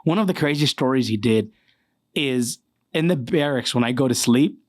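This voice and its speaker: A man's voice: medium pitch, moderate pace, a little mellow. A man from Iraq, telling war stories as a guest in a casual chat, laughing often and swearing freely.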